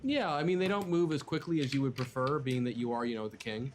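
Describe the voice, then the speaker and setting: A man acting as game master, talking in a relaxed, hesitant way with many ums. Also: mid-range voice, fast talker, a little hiss or hum. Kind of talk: running a tabletop game.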